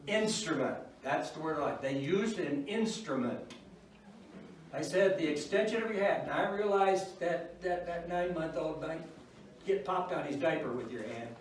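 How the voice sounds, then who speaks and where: Older man, bible class teacher, fairly high voice, heavy room echo. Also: expressive, moderate pace, a little hiss or hum. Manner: folksy, wry, chuckles at his own stories. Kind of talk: informal church class talk. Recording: echoey room, mic far off.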